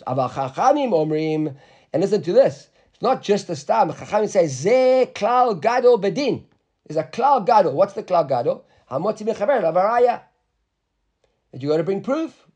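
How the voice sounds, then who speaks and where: A man's voice: a little high, a little mellow, husky. A man teaching a Talmud lesson, explaining step by step and checking in with "right?". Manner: explains step by step, mixes Aramaic terms, asks "right?".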